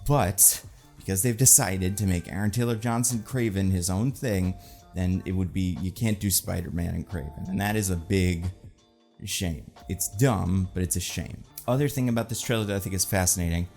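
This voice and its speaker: A man hosting a casual film commentary show, rambling through his opinions with sarcastic asides and lots of fillers. His voice sits somewhat low, and faint music plays in the background. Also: normal speed, creaky, darkish tone.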